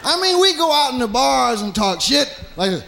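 A married man performing a profane, animated stand-up routine, acting out the voices of men in bars. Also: very high-pitched, normal speed, vocal fry. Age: adult, married. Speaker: stand-up comedian.

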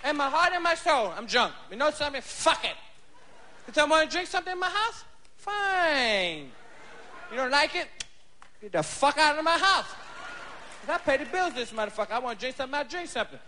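A man's voice: very high voice, big pitch swings, fairly quick, pushed and bright, slight background noise, heavily acted. A man voicing a drunk, belligerent father ranting at home in a stand-up bit.

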